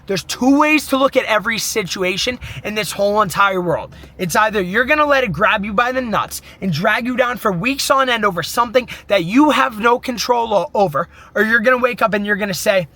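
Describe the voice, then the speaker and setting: A man's voice: sits high, animated, a little fast, few pauses, sharp tone, dry recording. A young man in his twenties, a mindset coach, giving an intense, profane motivational monologue full of self pep talk.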